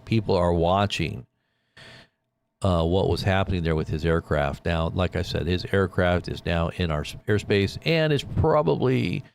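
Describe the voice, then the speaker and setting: A man hosts a casual news livestream, reading headlines aloud and musing between them. His voice sits low and he takes his time. He rambles a little as he thinks out loud. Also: clean tone.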